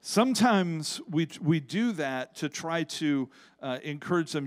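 A man's voice: on the high side, lively intonation, measured pace, dry recording, clean studio sound. A man preaching a sermon as pastor at a church service, in an impassioned, emphatic manner.

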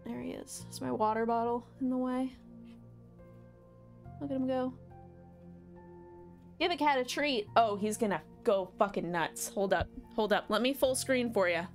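A woman's voice: fairly high pitch, moderate pace, pauses often, soft background music. A young adult woman streamer chatting casually and affectionately on a live stream, swearing now and then.

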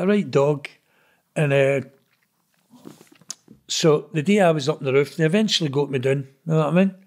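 A middle-aged Glaswegian man telling stories in a blunt, sweary, rambling way, often adding "know what I mean". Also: fairly high pitch. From Scotland. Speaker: interview guest. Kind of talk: casual storytelling.

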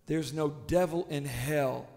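A male pastor preaching a sermon with passion, swinging between shouted declarations and hushed, intimate tones. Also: fairly high pitch, slow pace, in a large hall.

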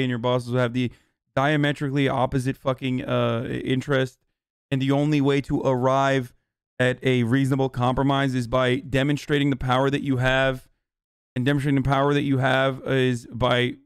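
A man's voice: medium pitch, smooth, no room sound, clean studio sound. A young man streaming live, answering chat questions in a casual, heated, profane rant.

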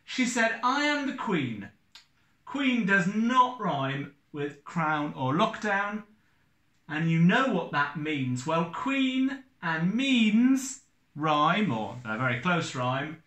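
A man teaching a recorded lesson, counting out syllables and beats in a slow, sing-song way. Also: on the high side, sing-song, sharp tone, echoey room.

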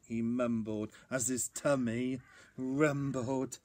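A man reading his own picture book aloud to children in an expressive, animated storybook style. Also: lowish voice, slow pace, slightly rough. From England.

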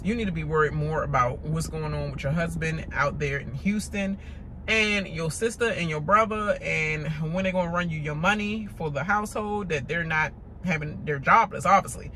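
A woman hosting a casual TV recap rant, animated and mocking, with lots of laughter and stammered fillers. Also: deep voice, noisy background. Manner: stammering filler-heavy delivery. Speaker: reality TV recap host.

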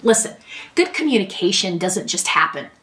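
A middle-aged woman therapist talks through a listening skill in a relaxed, conversational way, giving examples as she goes. Her voice sits at a medium pitch. It sounds a little distant, as if the mic is set back from her. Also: moderate pace. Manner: friendly, conversational, explains with examples. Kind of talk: talking-head advice lesson.

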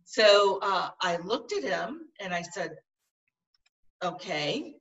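A woman's voice: medium pitch, lively intonation, measured pace, fairly bright tone, far from the mic, lo-fi sound. A woman guest in an interview, telling a personal story in an earnest, vivid way. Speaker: podcast guest.

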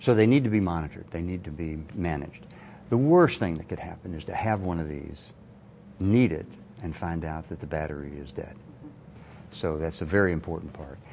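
An older man, a retired doctor, telling a personal story in an earnest, measured way as a TV interview guest. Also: low-pitched, vocal fry, darkish tone, slight background noise.

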